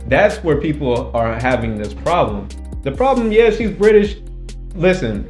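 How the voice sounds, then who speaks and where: This man runs his own commentary channel and makes his opinions known emphatically, repeating points to drive them home. His mid-range voice carries a darkish tone in this casual, opinionated talk.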